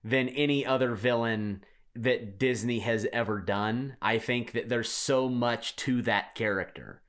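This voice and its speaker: A man's voice: mid-range voice, unhurried, a bit bright. A man co-hosting a podcast in casual chat, stating strong opinions in emphatic, declarative sentences. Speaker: podcast co-host.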